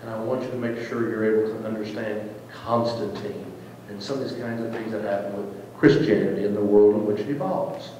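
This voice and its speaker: A man, a pastor, leading a church trip meeting in an informal, joking, animated way. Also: on the low side, a little fast, a little hiss or hum. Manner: lively, joking, animated teacher. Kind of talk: informal talk to a church group. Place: church fellowship hall. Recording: echoey hall, speaker far from mic.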